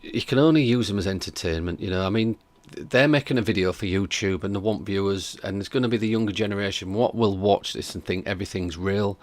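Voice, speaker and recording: A man hosts a reaction stream, reading viewer comments aloud and chatting casually with a skeptical edge. His voice is lowish and he talks fast with few pauses; there is no echo.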